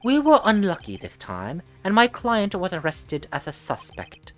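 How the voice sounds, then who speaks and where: A woman voicing a polite, menacing gentleman assassin in a fan voice-over of a game. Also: lowish voice, wildly swooping pitch, normal speed. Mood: calm, menacing. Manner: courteous, formal, quietly menacing.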